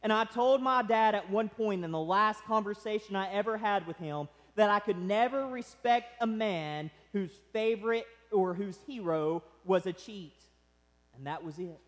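A man with a high voice preaches in a church, his words ringing with a long hall reverb. He swings between loud, impassioned pleading and hushed, quiet stretches. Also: normal speed, few pauses. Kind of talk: sermon.

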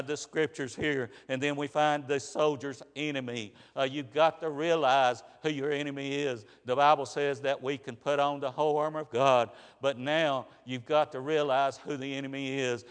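A man preaching a sermon in an earnest, plain way, often pausing with "uh" and restarting phrases. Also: medium pitch. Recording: reverberant hall.

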